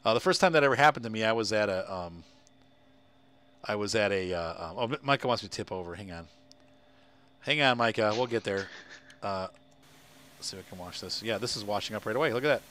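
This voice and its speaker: A man's voice: on the low side, quick pace, pauses often, fairly bright tone. A man from Ohio chatting casually on a live game stream, rambling and laughing often. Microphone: headset.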